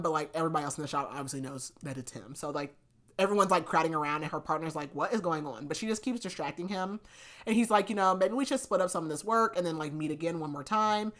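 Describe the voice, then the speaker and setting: This book review podcast host is a young woman whose fairly low voice has a slightly bright quality. She casually walks through a romance novel's plot, chatting away and leaning heavily on "like".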